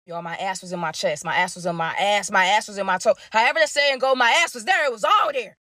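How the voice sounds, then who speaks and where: A woman's voice: medium pitch, fast, hardly any pauses, no echo. Slangy young woman from Dallas, dry close sound. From Dallas, Texas. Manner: animated and slangy, acting out friends' quotes. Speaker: storyteller. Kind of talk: casual story time.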